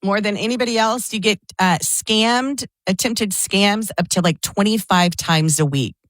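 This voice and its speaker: A woman co-hosting a radio show who adds quick, matter-of-fact remarks to the chat. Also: mid-range voice, a bit bright, no echo. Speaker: radio co-host. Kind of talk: casual on-air chat. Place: radio studio.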